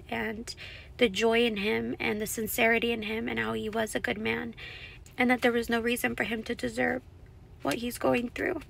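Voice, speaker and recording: A woman's voice: on the high side, creaky, fairly bright tone, a little hiss or hum. A woman vlogger reading scripture aloud to her camera and reflecting on it in an earnest, heartfelt way. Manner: earnest, heartfelt, openly emotional. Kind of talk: scripture reading with personal commentary. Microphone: self-recorded on camera.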